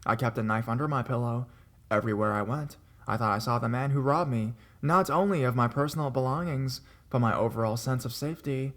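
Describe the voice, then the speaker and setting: A man's voice: brisk, a bit bright. Man narrating a horror story dramatically. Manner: dramatic reading that rises in pitch and volume at tense moments.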